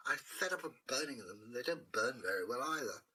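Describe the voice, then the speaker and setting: A grumpy, theatrical dragon with plummy, fussy manners and a raised, bright voice, as a man puts him on. He is fed up and pompous. There is faint noise under the recording. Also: medium pitch, expressive, brisk, low-quality recording. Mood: grumbling. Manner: plummy and fussy, then threatening.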